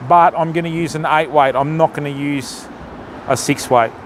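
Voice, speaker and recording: A man's voice: a little high, fairly even intonation, normal speed, a little hiss or hum. An Australian man live-streaming his fishing on a phone, chatting in a matey, easygoing way and greeting viewers by name. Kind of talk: casual live-stream chat.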